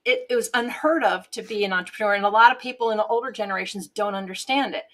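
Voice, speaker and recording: A woman guest on an interview show, telling lively stories, often laughing and acting out quoted dialogue, heard through a webcam microphone. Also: medium pitch, fast talker. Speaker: guest, TV show host and business owner. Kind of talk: casual interview storytelling.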